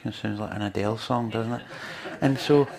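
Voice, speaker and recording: A man's voice: on the low side, normal speed, vocal fry, crowd noise. A man preaching a sermon in an earnest, conversational way, with lots of rhetorical questions to his listeners.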